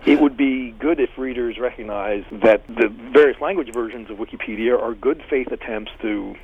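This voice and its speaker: A man giving thoughtful, animated interview answers as a guest, talking in a discursive and emphatic way. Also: medium pitch, normal speed, slightly rough. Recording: tinny phone line.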